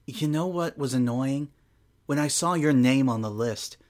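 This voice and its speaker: A man's voice: mid-range voice, unhurried, a little mellow, close to an everyday voice. A man voicing an anxious, studious young female unicorn in a fan audio drama, with a tense, exasperated manner. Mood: frustrated. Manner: tense, rising, exasperated inner monologue.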